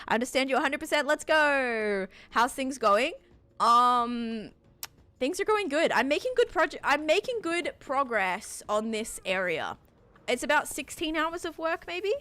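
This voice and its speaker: A woman's voice: fairly high pitch, pushed and bright. A young Australian woman chatting casually on a game stream, reading out chat and thanking supporters.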